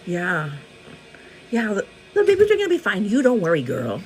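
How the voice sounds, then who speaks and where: With a mid-range voice whose pitch swoops wildly, a young pregnant woman from El Paso, Texas chats on her morning livestream at a moderate pace, pausing often. She's giggly and casual, and "girl" comes up often.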